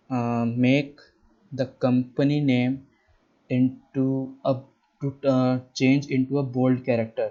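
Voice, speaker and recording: Male coding instructor with an Indian English accent, level mid-pitched delivery, patient and repetitive, slightly muffled recording. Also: darkish tone. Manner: patient, repetitive, checks in with "right?". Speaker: web development instructor. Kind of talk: screen-share coding lesson.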